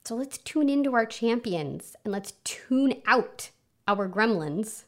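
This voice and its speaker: A woman's voice: a little high, animated, slow pace. A woman hosting a casual solo podcast from home, chatty and self-mocking, with lots of fillers. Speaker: podcast host. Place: home under a flight path, planes overhead.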